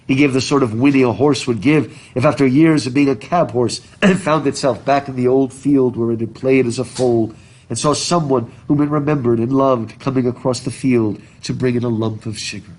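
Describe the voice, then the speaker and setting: In a classroom recording, a middle-aged literature professor speaks through a mask in a somewhat husky, muffled voice that is mid-range and darkish, at a moderate pace. He's chatty and digressive, reading passages aloud and repeatedly asking the class questions.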